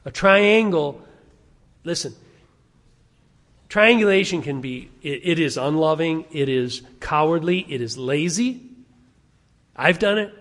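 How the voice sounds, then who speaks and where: A man's voice: fairly high pitch, lively intonation, slow pace, pauses often, a bit bright. Emphatic preacher man, echoing hall. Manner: emphatic, repeating rhetorical questions. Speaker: pastor. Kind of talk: sermon. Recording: long reverb of a large hall.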